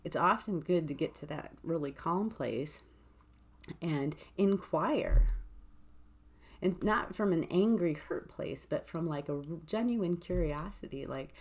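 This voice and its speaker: A woman hosting a podcast, talking through her thoughts in a gentle, reflective way. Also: lowish voice, expressive, measured pace. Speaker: podcast host. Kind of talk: reflective solo podcast talk.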